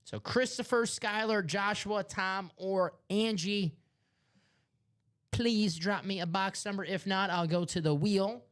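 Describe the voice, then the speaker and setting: Male live-stream host, Chicago accent, upbeat salesy banter with jokes. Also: high voice. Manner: upbeat, joking, hyping items.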